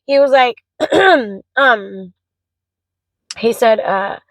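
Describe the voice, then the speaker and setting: A woman's voice: a little high, animated, extremely slow, fairly bright tone, no room sound, low-quality recording. A young woman and mother venting in an emotional vlog, talking frankly with plenty of swearing. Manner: vents in a frank, swearing rush. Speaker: vlogger, mother of three.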